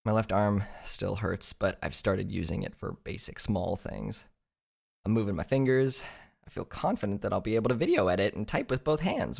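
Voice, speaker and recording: A man's voice: fairly low pitch, creaky. A tired young man in a hotel room, talking in a crude, joking vlog monologue and laughing often. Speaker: vlogger.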